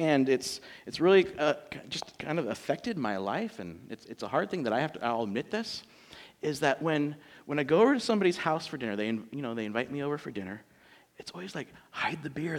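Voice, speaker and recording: Animated, joking male pastor. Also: high-pitched. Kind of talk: sermon.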